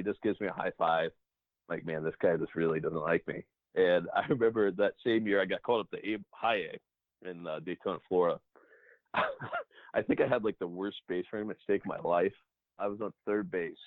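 Male ballplayer, deep voice, animated anecdotes, interview over a thin phone-quality line. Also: no room sound. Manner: animated anecdotes, acts out dialogue. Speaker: professional baseball player. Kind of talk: casual storytelling interview.

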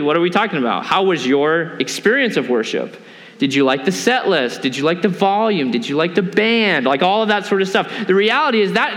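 A pastor preaching a sermon in a conversational, animated way, with acted asides. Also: male voice, sits high, big-room sound.

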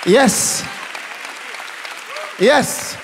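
A man preaching a fervent sermon, often raising his voice to a shout for emphasis. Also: extremely slow, a faint crowd. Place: large church auditorium. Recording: long hall reverb, faint congregation.

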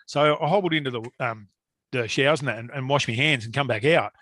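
A man telling a long story in casual chat, animated and swearing freely. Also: mid-range voice, fast talker, no echo.

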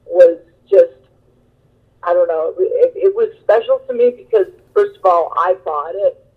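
A woman guitarist being interviewed, telling stories in a chatty, animated way with lots of fillers. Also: medium pitch, breathy edge. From Long Beach, California. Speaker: guest musician, guitarist. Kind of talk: interview storytelling. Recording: tinny phone line.

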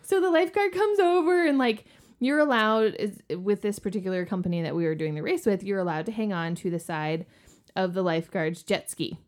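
A woman in her forties co-hosting a podcast, telling a story in a casual, animated way and acting out the quotes. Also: brisk. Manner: animated, acts out quotes with big pitch jumps. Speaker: podcast co-host.

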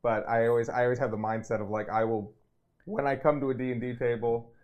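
Brief: young man, mid pitch, awkward and hesitant, slightly muffled recording. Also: steady tone, fast. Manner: hesitant, stumbling restarts, self-described awkward. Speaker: guest player on a gaming stream. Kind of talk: casual chat. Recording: slightly dull sound.

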